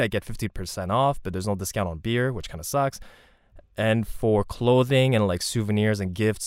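A man's voice: on the low side, no echo, clean studio sound. A man from Canada giving a rambling, conversational monologue with frequent asides and restarts. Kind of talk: casual monologue.

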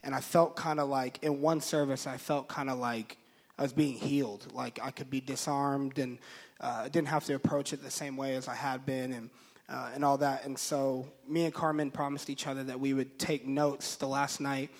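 A man in his thirties, a pastor telling a personal story from the pulpit, animated and acting out the voices of the people he quotes. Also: medium pitch, normal speed. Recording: long reverb of a large hall.

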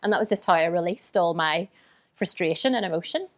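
Chatty woman founder, lowish voice. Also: expressive, a little fast. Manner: chatty and open, tells stories through quoted inner thoughts; self-described emotional. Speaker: business founder and guest. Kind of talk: casual interview storytelling.

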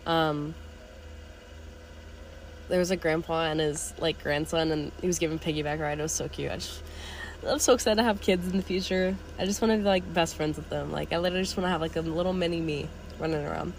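A teenage girl talks through her feelings in a loose, rambling monologue, often trailing off and starting over. Her voice sits a little low for a young woman and has a slight hoarseness. She swears casually and speaks with blunt candor. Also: steady tone, a little fast, a little hiss or hum. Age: teens. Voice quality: voice going hoarse. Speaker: podcast host.

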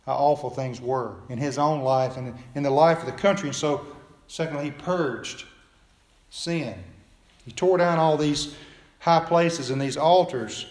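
A man preaching a sermon in earnest tones, often dropping soft and low at the ends of phrases. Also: reverberant. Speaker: pastor.

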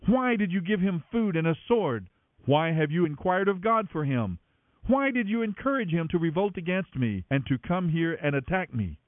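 An enraged king hurling accusations, loud and sharp, as a male reader voices him. The voice sits fairly high and leaps up and down in pitch. It comes through a tinny, dry radio line. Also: sing-song, normal speed, no room sound. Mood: furious. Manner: shouting accusations. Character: furious suspicious male king.

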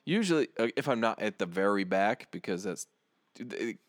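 Male co-host, middle pitch, lively intonation, quick to join the joke; dry mic. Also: no room sound. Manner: laughing, joins in with playful bits. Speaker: podcast co-host. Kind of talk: casual chat.

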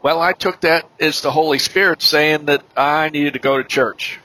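Bright-voiced man sharing a testimony. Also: on the high side, no room sound, rough recording. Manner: halting, with many fillers and restarts. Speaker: podcast guest. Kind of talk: personal testimony.

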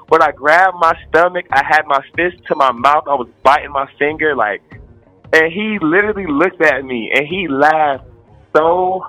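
A man from Maryland telling a personal story in a casual, animated way and acting out what people said. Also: a little high, moderate pace, soft background music, rough recording. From Maryland, USA. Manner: animated, quotes people as he tells it.

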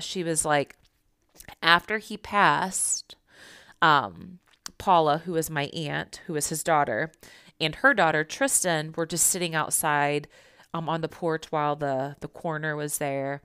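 A woman's voice: low voice, a little slow, a bit bright, clean tone, dry recording, clean studio sound. A young woman telling a personal story and teaching about spiritual signs in an earnest, reassuring, conversational way.

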